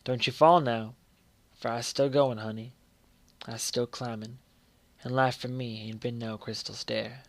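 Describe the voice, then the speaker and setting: A man's voice: mid-range voice, steady tone, unhurried, lightly acted. A man reading the lines of a weary old mother advising her son, in plain folksy dialect. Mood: earnest.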